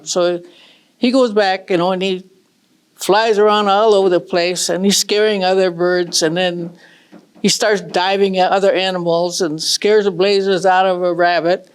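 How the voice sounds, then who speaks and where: A middle-aged woman from northern Michigan tells a traditional story in a folksy, unhurried way, tossing casual asides to her listeners. Her voice is fairly low, clear and resonant.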